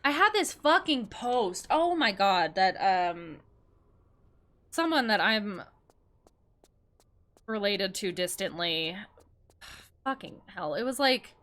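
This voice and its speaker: Young woman streamer, heated swearing rant, bright forceful tone, casual chat. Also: on the high side, big pitch swings. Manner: heated, swearing, quick to anger. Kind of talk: casual ranting chat while gaming.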